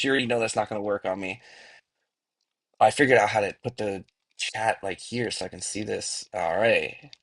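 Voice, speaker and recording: A man's voice: fairly low pitch, fairly bright tone. A man hosting a casual livestream, rambling in slang and saying "bro" often, talking through earbuds. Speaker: livestream host. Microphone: earbuds mic.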